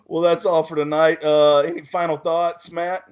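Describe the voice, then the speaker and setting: A man's voice: fairly high pitch, flat delivery, moderate pace, clear, resonant tone. Man hosting a profane podcast chat. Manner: joking, profane, hosts the segments. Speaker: podcast host.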